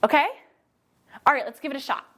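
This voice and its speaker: A young woman telling a story to children while leading them through movement, energetic and encouraging. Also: high-pitched, quick pace. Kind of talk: guided kids' yoga storytelling.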